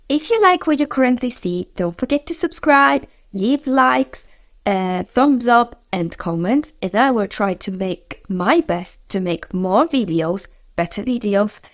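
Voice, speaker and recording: Woman teaching beginner phrases. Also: mid-range voice. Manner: clear, patient explaining, lifts voice for each numbered question. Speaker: language teacher. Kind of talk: spoken language lesson.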